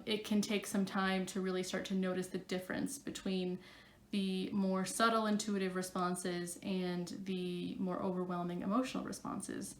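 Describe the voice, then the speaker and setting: A woman's voice: mid-range voice, reverberant. A woman psychic coach talking casually to her camera, chatty and full of fillers.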